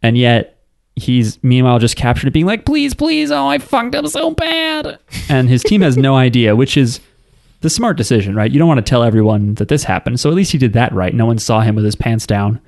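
A man's voice: medium pitch, a little fast, a little mellow, no room sound, studio quality. A man co-hosting a casual podcast, recapping an anime with crude jokes and acted-out quotes. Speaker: podcast co-host.

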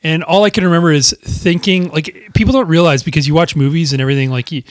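A man's voice: a little high, fast, dry recording. A man who works as a firefighter, co-hosting a podcast and telling stories in a plain-spoken, laid-back way. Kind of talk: casual chat and storytelling.

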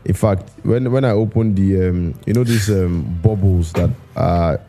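A man in a casual Bible discussion who reads verses slowly and often repeats his partner's words, hesitating as he searches for his point. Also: deep voice, warm tone, faint music behind. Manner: hesitant, echoes the other speaker's words. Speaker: Bible study co-host.

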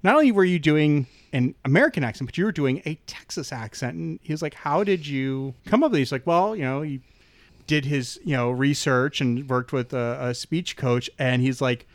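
Podcast co-host, male, smooth resonant voice, dry close sound, jokey chat. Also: on the high side, expressive, normal speed, dry recording. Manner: jokey, drops into mock Boston accent. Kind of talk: casual chat.

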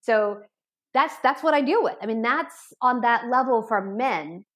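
A woman's voice: fairly high pitch, expressive, unhurried, a bit bright. A woman who works as an addiction therapist, telling blunt, matter-of-fact stories as an interview guest. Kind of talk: candid storytelling in an interview.

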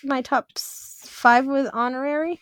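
A woman co-hosting a podcast in casual chat, animated, laughing often and swearing freely. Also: sits high, unhurried, no room sound, clean studio sound. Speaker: podcast co-host.

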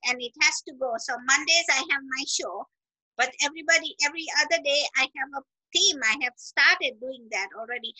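A middle-aged woman talking in a casual, motivational way, emphatic and animated, acting out her own quoted thoughts. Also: high-pitched, low-quality recording.

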